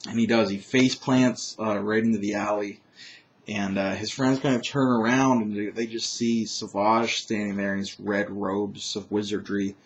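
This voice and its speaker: A man's voice: on the low side, level tone, normal speed. A man casually recapping a tabletop game session, rambling, with many fillers and restarts. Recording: dull lo-fi recording.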